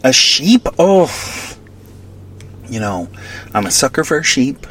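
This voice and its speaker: Man co-host, mid-pitched, playful and jokey, slight hiss under the voice. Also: very animated, slow, a bit bright. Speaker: podcast co-host. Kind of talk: casual chat.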